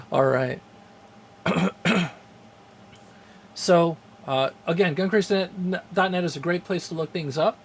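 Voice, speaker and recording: A man's voice: high-pitched, extremely slow, pauses often. A man casually chatting on a live stream, rambling with many fillers, chuckling often and greeting viewers in chat. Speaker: streamer hosting a game channel.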